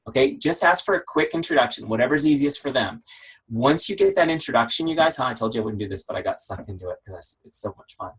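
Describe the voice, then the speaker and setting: A man leading a team training call on a video call, energetic and conversational, peppering his talk with rhetorical questions. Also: medium pitch, fast, breathy edge, poor audio. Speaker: network marketing trainer. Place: home office shed.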